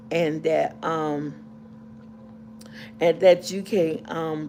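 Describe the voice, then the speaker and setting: Her voice is on the low side and a little mellow, with slight noise in the background. Speaking to camera, this middle-aged vlogger shares a personal story in a casual, heartfelt, rambling way, frequently starting over and repeating things.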